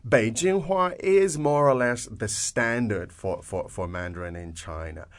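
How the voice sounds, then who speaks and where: A man's voice: mid-range voice, a little slow. A man hosting a language podcast lesson, translating phrases and explaining words with frequent restarts and fillers. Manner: restarts and "uh" fillers, upbeat encouragement. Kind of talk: teaching English speakers.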